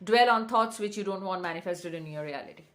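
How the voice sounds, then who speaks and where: A woman's voice: medium pitch, fairly quick, a bit bright. A woman, a manifestation coach answering viewers on a casual livestream, repeating affirmations with insistent emphasis.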